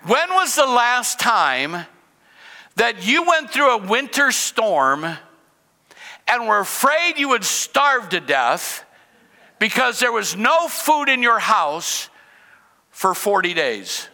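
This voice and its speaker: A man's voice: very high-pitched, sing-song, slow pace, sharp tone, in a large hall. An older man preaching a sermon in a conversational way, asking rhetorical questions and mixing in humor. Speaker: pastor.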